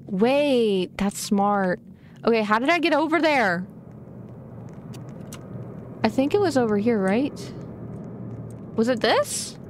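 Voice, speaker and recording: A young woman doing live gameplay commentary, bubbly and easily startled as she talks to her viewers. Her voice sits high and swings widely in pitch, and she takes her time between lines. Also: takes it slowly, long pauses, a little hiss or hum. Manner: excitable, gasping and giggling, chatting to viewers. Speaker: gaming streamer.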